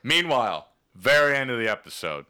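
A man retelling an episode in casual, profane chat, acting out the characters in quick voices. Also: mid-range voice, big pitch swings, bright, forceful tone, smooth. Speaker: podcast co-host recapping an episode.

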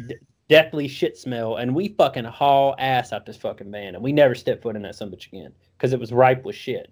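A young man telling a rambling, profanity-laden story in a casual drawl. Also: medium pitch.

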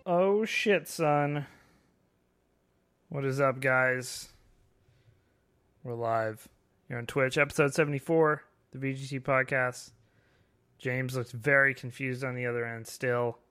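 A man's voice: mid-range voice, slow, pauses often, fairly bright tone, smooth. A man hosting a casual live-streamed podcast, joking, swearing and laughing often. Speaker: podcast host.

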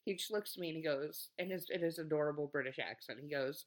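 A man's voice: fairly high pitch, fast, hardly any pauses. Giggly, hesitant podcast co-host, a man. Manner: giggly, hesitant, lots of ums. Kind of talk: casual comedic chat.

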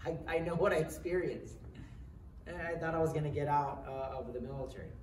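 A man's voice: fairly high pitch, darkish tone, slight background noise. A man preaching a sermon in an earnest, conversational way, often restarting his sentences. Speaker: pastor. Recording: roomy echo, voice from some distance, faint ambience.

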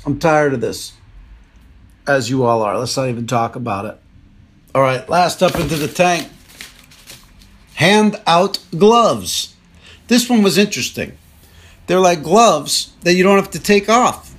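Fairly high and a bit bright, a podcast host's voice carries a rambling, casual comic monologue built around jokey rants.

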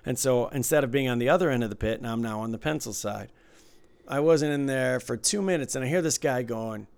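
A man telling a lively work story in casual chat, acting out the people he quotes. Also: mid-range voice, fairly quick, creaky, clean tone, no room sound. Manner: animated storyteller, acts out quotes loudly. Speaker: casino dealer telling a story.

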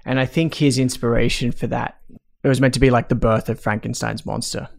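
A man with a deeply gravelly, fry-laden voice talks through scenes at a relaxed, chatty clip. His pitch sits right in the middle of a man's range. He throws in quick asides and little laughs as he recaps. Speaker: podcast co-host recapping a film. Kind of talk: casual chat.

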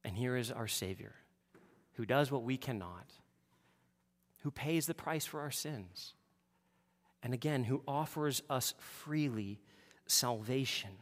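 A man preaching a sermon, animated, moving between hushed and loud passages. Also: mid-range voice, slow pace, long pauses, in a large hall. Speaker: pastor.

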